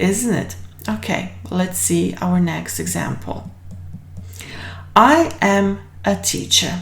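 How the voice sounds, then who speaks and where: Woman, language teacher, very slow deliberate delivery, slightly low voice, encouraging, roomy echo. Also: creaky. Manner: drills words slowly and repeats them, encouraging. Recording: roomy, echoey room.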